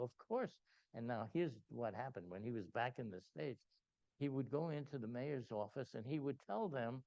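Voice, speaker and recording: An older man telling a lively anecdote at a gathering, acting out voices and laughing often. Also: gravelly, no room sound. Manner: animated anecdote teller, acts out quotes, laughs often. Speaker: speaker at a spiritual gathering. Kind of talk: storytelling talk. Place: meeting hall. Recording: dull low-fidelity sound, dry.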